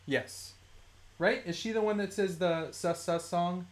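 A live-stream host talking casually about toy collecting at a home desk mic, chatty, mildly profane and quick to laugh. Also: medium pitch. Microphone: desk microphone.

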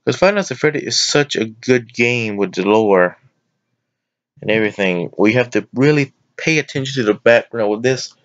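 A man giving casual let's-play commentary on a horror game, excitable and prone to yelping and shouting at the screen. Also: mid-range voice, normal speed, dry recording, highs cut off. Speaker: gameplay commentator.

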